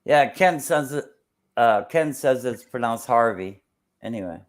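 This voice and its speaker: A man's voice: mid-range voice, animated, a little slow. A man hosting a casual chat, rambling and searching aloud for words.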